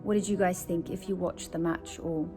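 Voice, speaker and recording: A woman's voice: on the low side, steady tone, normal speed, over music. A woman from South Africa talking straight to her viewers, sharing candid, chatty opinions as a cricket vlogger. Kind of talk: casual opinionated commentary.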